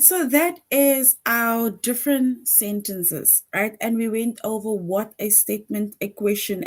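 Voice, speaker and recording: Slow, deliberate woman teacher. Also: mid-range voice. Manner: slow, deliberate, reads example sentences aloud. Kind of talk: online class lesson.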